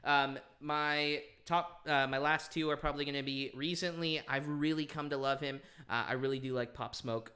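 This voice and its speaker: A young man, a podcast guest, chatting casually, animated, laughing often and restarting his sentences with many ums. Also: a little high, normal speed, hardly any pauses. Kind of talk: casual chat.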